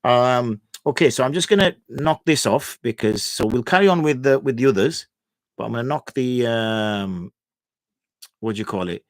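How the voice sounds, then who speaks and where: A man's voice: mid-range voice, moderate pace, no echo, clean studio sound. A man hosting a religious question-and-answer livestream, talking loosely and thinking aloud with many fillers. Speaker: mufti hosting Q&A. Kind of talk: casual livestream talk.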